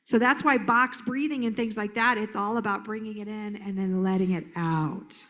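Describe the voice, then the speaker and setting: A middle-aged woman therapist giving a playful, lively workshop talk at a conference, acting out children's voices as she explains. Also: medium pitch, normal speed. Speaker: trauma therapist presenter. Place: conference hall.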